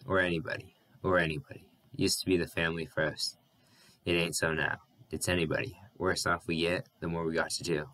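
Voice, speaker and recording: A man voicing a weary, gentle rural mother, speaking quietly and soothingly in plain country speech. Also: sits low, flat delivery, fairly quick.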